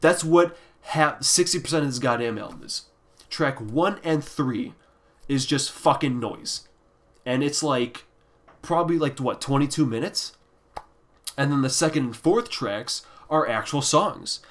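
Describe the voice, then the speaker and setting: A man's voice: medium pitch, expressive, unhurried. Blunt, profane male music reviewer. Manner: trails off into quiet, deflated mutters. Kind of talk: casual ranking review.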